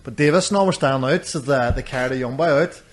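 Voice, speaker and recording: A man, co-hosting a podcast and telling rambling, animated stories in casual chat. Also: medium pitch, fast. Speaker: podcast co-host. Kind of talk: casual storytelling.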